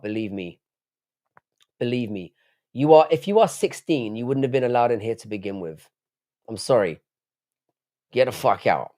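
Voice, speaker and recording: Guy in his 30s on a livestream, blunt and sweary, reads chat out loud, mid-pitched. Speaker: livestream host. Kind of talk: casual live-stream chat.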